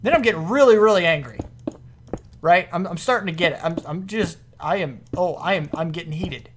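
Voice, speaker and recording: A man telling a long personal story while playing a game on his channel, animated and full of restarts, into a desk microphone at home. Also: sits high, a little fast, slight background noise. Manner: rambling, animated anecdote with many restarts. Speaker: gaming YouTuber.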